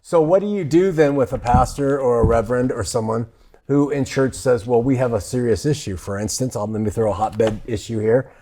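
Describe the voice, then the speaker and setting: A man hosting a casual faith panel discussion, animated and jokey. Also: mid-range voice, normal speed. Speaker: host.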